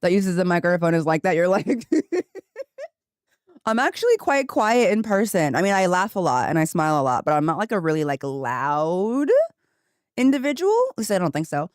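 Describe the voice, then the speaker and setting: A woman game streamer chatting casually and rambling on a desk microphone, laughing often, her voice jumping higher when she gets excited. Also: normal speed, dry recording, studio quality. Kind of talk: casual live-stream chat. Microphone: desk microphone with headphones.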